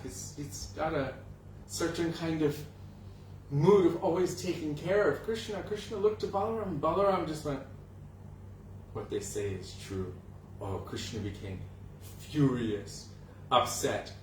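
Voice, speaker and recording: A man tells a devotional story to a gathering, acting out each character's voice in his slightly high register. He is picked up from a distance in an echoing room, with faint ambience behind him. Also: normal speed, slight background noise. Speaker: spiritual teacher. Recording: roomy echo, distant mic, faint ambience.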